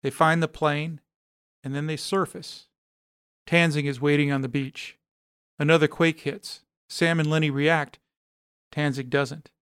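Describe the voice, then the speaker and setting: Smooth, fairly high-voiced male narrator. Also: a little slow, pauses often, no echo, clean studio sound. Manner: steady, even read-aloud delivery. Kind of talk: scripted narration of an action story.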